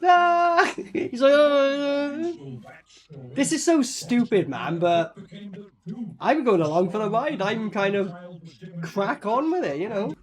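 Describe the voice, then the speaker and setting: A man giving a casual reaction commentary on a film, excitable and profane, rambling with lots of fillers. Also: very high-pitched, slow pace, pauses often. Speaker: movie reviewer.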